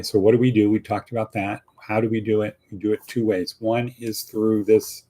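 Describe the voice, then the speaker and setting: A man hosts his motivational podcast in a casual, rambling monologue, circling back over his own phrases. His voice is husky and lowish, and he takes his time with every sentence. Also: darkish tone. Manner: rambling, folksy, repeats phrases. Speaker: podcast host.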